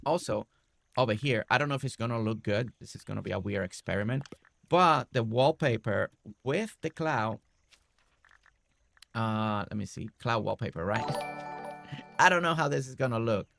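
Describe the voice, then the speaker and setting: Gravelly-voiced man streaming a game. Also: mid-range voice, normal speed, soft background music. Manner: excited, rambling, many restarts. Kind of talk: casual game livestream commentary.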